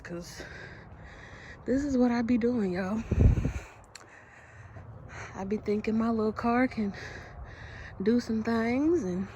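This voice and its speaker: A woman's voice: medium pitch, creaky, a little mellow, slight background noise. A woman vlogging in a casual, chatty way, laughing and sighing as she talks straight to her viewers. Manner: laid-back, often laughs and sighs between remarks. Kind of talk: casual vlog chat to camera.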